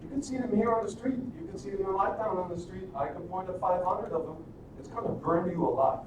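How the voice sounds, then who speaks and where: A man with a fairly high voice tells a story in a loose, rambling way, tossing out rhetorical questions as he goes. He sounds far from the mic in a very echoey room. A steady noise sits behind him. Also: quick pace. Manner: animated, rambling, with frequent restarts and rhetorical questions. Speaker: live stream host. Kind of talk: casual storytelling and motivational talk.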